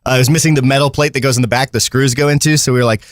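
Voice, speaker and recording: A man's voice: medium pitch, fairly even intonation, very fast, dry recording, studio quality. A man co-hosting a podcast in casual chat, easygoing and a bit rambling. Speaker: podcast co-host.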